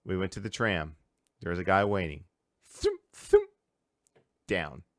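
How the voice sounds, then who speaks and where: A man's voice: low voice, brisk, no echo, clean studio sound. A man from Canada hosting a podcast from home, ranting loosely and swearing as he talks about games. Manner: swearing, animated rants. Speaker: podcast host. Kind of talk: casual chat.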